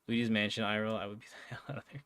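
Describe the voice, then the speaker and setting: A man's voice: on the low side, flat delivery, very fast, a bit bright, smooth. A young man chatting casually on a live stream, rambling with lots of fillers, swearing and frequent laughs. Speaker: streamer and podcast host.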